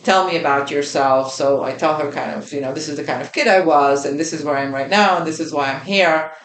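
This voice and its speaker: A woman's voice: low-pitched, quick pace, reverberant. A woman in her fifties co-hosting a podcast, sharing a personal experience in earnest, reflective storytelling. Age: 50s. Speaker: podcast co-host. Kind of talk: casual chat.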